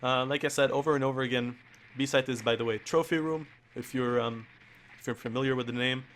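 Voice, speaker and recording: A man casting a live esports match, hoarse from losing his voice and talking in halting bursts full of restarts and fillers. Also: mid-range voice, fairly even intonation, fairly bright tone, slight background noise. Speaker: esports caster. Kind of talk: live play-by-play commentary.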